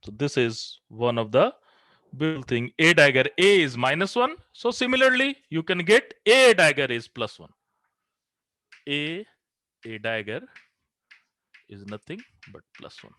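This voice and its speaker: A man gives a classroom physics lecture in a bright, forceful voice. His pitch swings up and down with energy as he asks questions and answers them. The sound is close and dry. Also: no echo. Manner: talks through equations step by step, asks the class questions and answers them himself.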